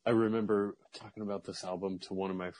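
A man's voice: fairly low pitch, flat delivery, fast talker, a little mellow, low-quality recording. A man co-hosting a podcast, chatting casually about music with a lot of swearing and laughter. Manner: profane, rambling, laughs often. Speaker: podcast co-host. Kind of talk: casual chat.

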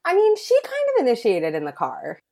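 A woman's voice: a little high, huge pitch swings, fairly quick, vocal fry, darkish tone. A woman co-hosting a podcast, chatting casually and gushing as she recaps a TV series, full of "like" and asides. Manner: gushing, enthusiastic, lots of "like". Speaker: podcast co-host recapping a show. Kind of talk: casual chat.

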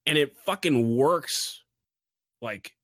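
A man's voice: on the high side, slow, a bit bright, no room sound. Blunt, swearing man, dry sound. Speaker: podcast co-host. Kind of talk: casual chat.

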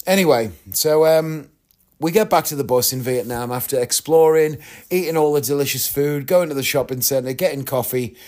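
A man's voice: on the high side, moderate pace, darkish tone. A man hosting a podcast, telling a rambling travel story in a chatty way and laughing at his own tale. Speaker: podcast host. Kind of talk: casual storytelling monologue.

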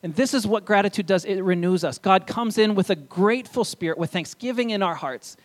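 A man's voice: sits high, fairly quick. A young adult man preaching a sermon in church, in a casual, conversational way with asides. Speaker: pastor.

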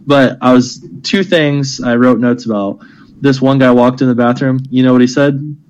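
A man's voice: mid-range voice, steady tone, normal speed, darkish tone, lo-fi sound. A man co-hosting a casual podcast, rambling about shows he watched, laughing often and swearing casually. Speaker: podcast co-host. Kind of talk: casual chat among friends.

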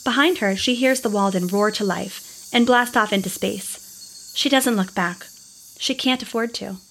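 A woman narrating a scripted space adventure story in a steady, descriptive way. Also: mid-range voice, unhurried.

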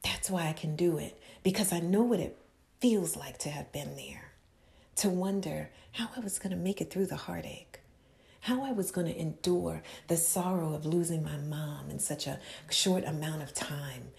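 A woman preaching an inspirational sermon as an author, intimate and impassioned, often dropping into a hushed whisper and building with repeated exhortations. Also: deep voice, moderate pace, gravelly.

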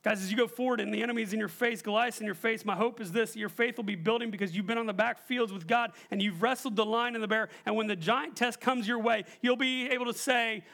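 High-voiced man preaching emphatically. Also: steady tone, fast, vocal fry, few pauses, a bit bright. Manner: emphatic, asks the congregation questions. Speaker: pastor. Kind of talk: sermon.

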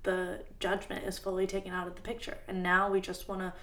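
A woman's voice: mid-range voice, monotone, a little fast, a bit bright. A young woman co-hosting a podcast, chatting casually in a bubbly, teasing way and laughing often. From Armenian heritage. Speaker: podcast co-host. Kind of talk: casual chat.

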